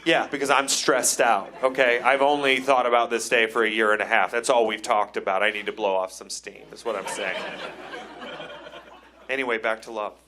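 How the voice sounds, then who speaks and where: Bright-voiced stand-up comedian from Cleveland. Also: male voice, mid-range voice, normal speed. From Cleveland, Ohio. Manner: wry, self-deprecating storytelling that rises into excited ranting. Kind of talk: live stand-up set. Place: comedy club stage before a laughing audience.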